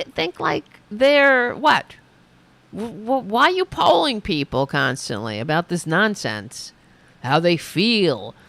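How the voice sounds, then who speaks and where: A woman's voice: medium pitch, fairly bright tone, no echo. A woman hosting a podcast, giving sarcastic, profane political commentary and mocking what she hears. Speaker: podcast host.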